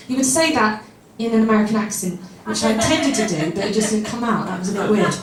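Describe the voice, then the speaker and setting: A young woman does a stand-up set, her voice high and chatty, wandering through asides with plenty of ums. She is picked up from a distance in a roomy live venue, so her words carry an echo. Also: a little fast, few pauses, crowd noise. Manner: chatty, rambling, self-deprecating with many ums and laughs. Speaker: stand-up comedian. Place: live comedy venue with an audience.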